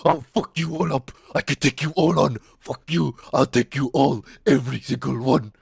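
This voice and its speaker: A man's voice: on the low side, steady tone, a little fast, creaky, slightly rough, dry recording, clean studio sound, full character voice. A man voicing a brash, hot-tempered schoolboy bully who jeers and taunts in a crude way. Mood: raging.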